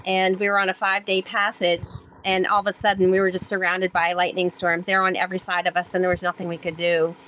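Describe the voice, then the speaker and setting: Animated woman telling stories full of fillers. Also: lowish voice, fast, few pauses, low-quality recording. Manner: animated, rambling storytelling with many fillers. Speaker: guest, sailor and author. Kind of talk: conversational storytelling interview.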